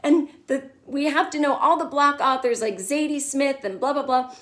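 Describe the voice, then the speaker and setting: Woman doing a flustered posh lady, anxious, frantic, high-pitched. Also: normal speed, fairly bright tone. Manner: frantic, rattled-off lists.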